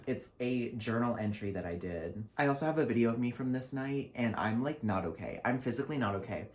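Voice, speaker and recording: Young man, casual vlogger, mid-range voice, sassy and profane, dramatic asides, loud and low by turns. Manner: swings between loud outbursts and low mutters. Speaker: vlogger and drag performer. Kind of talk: casual year-recap vlog.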